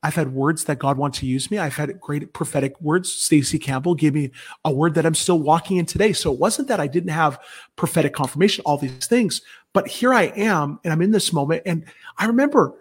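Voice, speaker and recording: His voice a little high and slightly rough, a man gives an earnest testimony as a guest on a Christian broadcast. He preaches with emphasis, frequently restarting sentences and quickly correcting himself.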